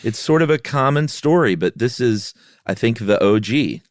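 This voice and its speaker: A man's voice: medium pitch, animated, normal speed, no room sound, clean studio sound. A middle-aged man co-hosting a podcast, laid-back and teasing, often laughing. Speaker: podcast co-host. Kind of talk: casual chat.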